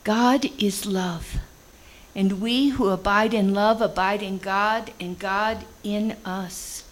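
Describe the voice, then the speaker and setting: A woman's voice: medium pitch, fairly even intonation, slow pace, poor audio. A woman preaching a conversational sermon, reading scripture and explaining it in plain everyday language.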